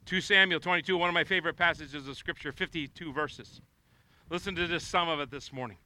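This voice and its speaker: A man's voice: a little high, fairly quick, sharp tone, no echo. A man preaching a passionate sermon as pastor, often raising his voice.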